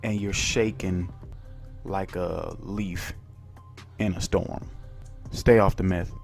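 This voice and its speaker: Gravelly low-voiced mocking male host. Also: fairly even intonation, slow, soft background music. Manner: mocking, profane. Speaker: commentary channel host. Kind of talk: reaction commentary.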